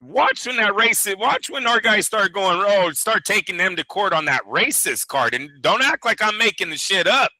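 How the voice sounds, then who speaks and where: A man co-hosting a boxing talk show, chatting casually in an animated, profane, excitable way. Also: high-pitched, moderate pace, hardly any pauses, dry recording, low-quality recording. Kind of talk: casual chat.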